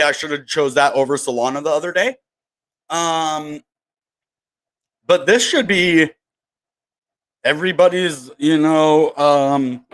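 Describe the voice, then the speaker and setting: A man's voice: on the high side, fairly bright tone. A man hosting a crypto channel livestream, rambling in casual chat with lots of fillers and greeting viewers from the chat. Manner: rambling, full of fillers and asides. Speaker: crypto YouTuber.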